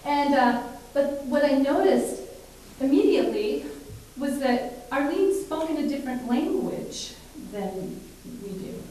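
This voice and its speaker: A woman casually telling a story from her work at a care home, chatty and halting with many fillers. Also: high voice, lively intonation, warm tone. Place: live performance space. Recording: echoey, distant room recording with hiss.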